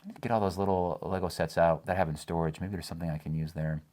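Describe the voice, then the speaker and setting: A man co-hosting a casual chat, playful and quick to laugh. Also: low voice, steady tone, darkish tone. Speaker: co-host.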